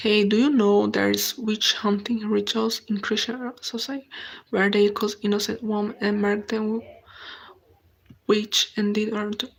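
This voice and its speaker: A Brazilian woman whose first language is Portuguese, hosting a casual live stream in halting English, reading viewer comments aloud and answering them. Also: medium pitch, level tone, vocal fry. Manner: unhurried, halting non-native English with frequent restarts.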